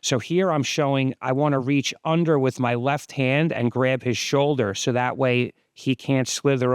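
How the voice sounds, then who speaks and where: A man in his fifties, host of his own channel, giving relaxed, explanatory voice-over commentary on sparring footage. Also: mid-range voice, no echo, studio quality. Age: 50s.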